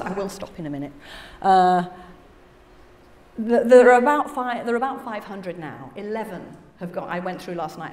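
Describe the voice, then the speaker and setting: A woman giving a conference keynote, animated and chatty, laughing through asides to the audience. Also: mid-range voice. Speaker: plenary conference speaker. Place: large conference hall. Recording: echoey hall with faint room ambience.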